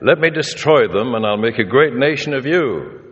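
A man's voice: medium pitch, expressive, normal speed, fairly bright tone, dull audio, natural voice. A male preacher voicing God in a sermon, stern but fond, in a plain conversational way. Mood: firm. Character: God, stern yet fond toward his friends. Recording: reverberant hall.

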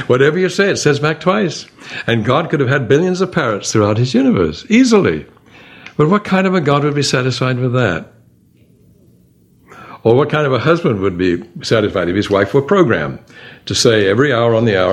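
A man leading a Bible study class, talking in an animated way and asking the group many rhetorical questions. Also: mid-range voice, brisk. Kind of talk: discussion-led Bible class.

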